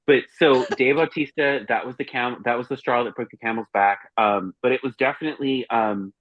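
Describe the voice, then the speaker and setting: A man's voice: mid-range voice, fairly quick, hardly any pauses, no echo. A man chatting casually as a guest reviewer, telling rambling, profane stories. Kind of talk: casual chat. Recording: dry, dull lo-fi sound.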